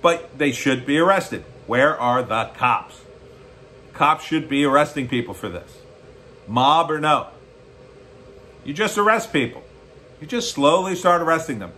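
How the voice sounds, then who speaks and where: A man's voice: fairly high pitch, sing-song, moderate pace, sharp tone, a little hiss or hum. An American man giving blunt, sarcastic political commentary on his own show, often rising into mocking outbursts. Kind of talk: opinionated solo commentary.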